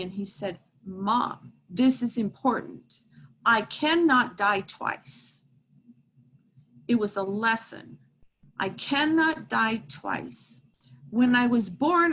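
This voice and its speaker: A middle-aged woman, a medium, telling a heartfelt story and reassuring a support group in an earnest, gentle way. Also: mid-range voice, a little hiss or hum, rough recording.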